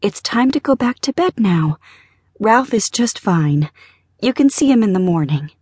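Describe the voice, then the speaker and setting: A woman voicing a frightened, loving young mother in an audiobook, speaking softly and through tears. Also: medium pitch, lively intonation, unhurried, breathy edge, dry recording, clean studio sound. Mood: calm. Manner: soft, tearful, whispering. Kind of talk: audiobook character voice.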